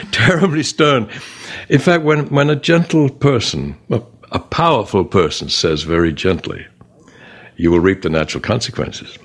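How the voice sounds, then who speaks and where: A man preaching a sermon in a conversational way, quoting scripture and voicing God's words gently, then rising sharply for emphasis. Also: lowish voice.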